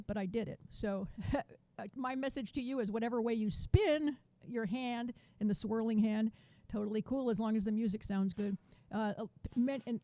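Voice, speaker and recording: A woman teaching a drum masterclass over a video call, chatty and counting beats out loud. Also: mid-range voice, dry recording. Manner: chatty, restarts sentences, counts beats aloud.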